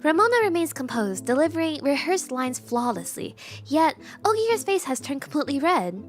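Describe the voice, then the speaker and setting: A woman's voice: high voice, sing-song, moderate pace, soft background music. A young woman streaming a game, chatting casually and reading the story aloud with self-mocking asides.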